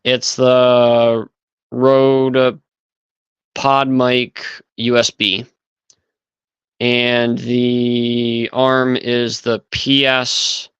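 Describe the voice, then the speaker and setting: A man's voice: medium pitch, completely flat delivery, drawn-out words, long pauses, a bit bright, clean tone, no echo, lo-fi sound. A man hosting a livestream in casual chat, talking aloud as he sets things up. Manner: chatty, thinks aloud while setting up. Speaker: livestream host.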